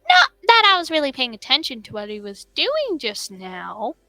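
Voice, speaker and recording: A young woman reading a fan story aloud with a friend, in an expressive, giggly way. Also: high voice, moderate pace, no room sound, soft background music, rough recording.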